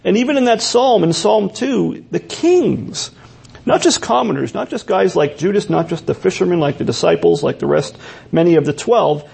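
Pastor guy preaching, real gravelly husky voice, kinda high, earnest, keeps restarting lines. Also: animated, moderate pace, darkish tone. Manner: earnest, explanatory, with frequent restarts. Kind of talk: expository sermon.

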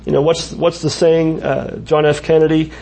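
Gravelly high-voiced male preacher. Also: flat delivery, moderate pace, a little mellow. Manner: conversational preaching with frequent restarts and asides. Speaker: pastor. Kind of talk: sermon. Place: church.

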